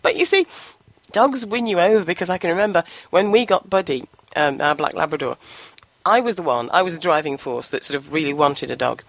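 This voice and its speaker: A woman hosting an interview, warmly encouraging and asking tag questions. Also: fairly low pitch, animated, brisk, no room sound. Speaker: host. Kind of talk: casual interview chat.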